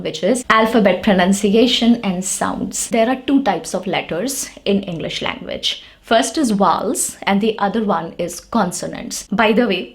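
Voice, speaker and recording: A woman teaching an English lesson, explaining patiently step by step and repeating the example words. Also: medium pitch.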